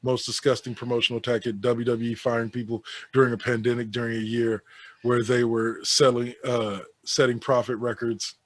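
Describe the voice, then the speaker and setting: A man co-hosting a casual podcast, reading through an awards list with sarcastic asides. His voice sits at an ordinary middle pitch. It sounds dry and close, with no room echo. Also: level tone, normal speed. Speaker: podcast co-host.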